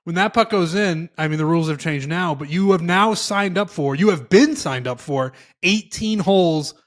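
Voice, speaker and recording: A young man co-hosting a golf podcast, telling stories in animated, casual chat with some swearing. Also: on the high side, normal speed. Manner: animated storytelling, swearing, quotes himself. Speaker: podcast co-host.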